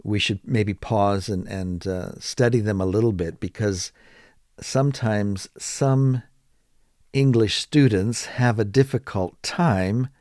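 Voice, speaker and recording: A man teaching English. He talks slowly and deliberately, repeats phrases for learners and acts out sample answers. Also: fairly low pitch, a little mellow, dry recording, clean studio sound.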